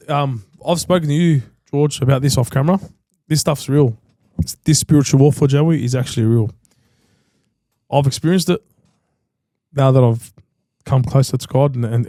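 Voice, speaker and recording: A man's voice: medium pitch, normal speed, dark tone, dry recording. An Australian man hosting a podcast, talking in an emphatic, slangy way and repeating himself for stress. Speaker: podcast host. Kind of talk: casual chat.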